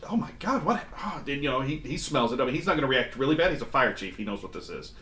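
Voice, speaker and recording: A man's voice: mid-range voice, big pitch swings, racing, bright, forceful tone, roomy sound. A man running a tabletop role-playing game in person, narrating with lots of restarts and fillers. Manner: rambling, with many restarts and fillers. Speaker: game master. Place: room shared with players.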